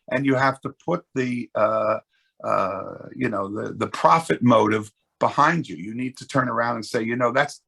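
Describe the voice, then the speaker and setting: Male real estate exec, webinar guest; raspy, gravelly delivery, earnest and full of restarts. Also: medium pitch, pushed and bright. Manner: earnest, explanatory, many restarts. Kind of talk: webinar panel discussion.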